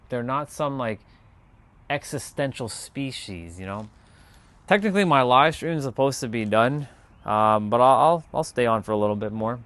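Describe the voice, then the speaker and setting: A man's voice: mid-range voice, a bit bright. A man chatting casually on his live stream, laid-back and rambling as he talks straight to his viewers.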